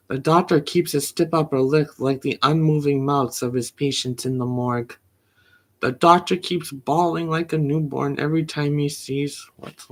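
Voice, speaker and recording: A poet giving a slow, measured, often hushed reading of grief poems. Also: medium pitch. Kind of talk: poetry reading.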